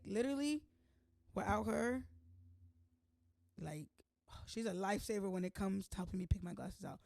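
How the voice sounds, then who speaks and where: A young woman hosting her own vlog, playful and chatty, with a slightly hoarse voice and constant "like"s. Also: mid-range voice, darkish tone, no room sound, studio quality. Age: young adult. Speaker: host. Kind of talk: casual vlog chat.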